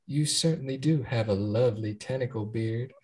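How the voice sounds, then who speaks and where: A woman's voice: rumbling low, moderate pace, dark tone, slightly rough. A woman hamming up a swooning Southern belle. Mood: flirty. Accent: American Southern, put on. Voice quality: drawling, theatrical.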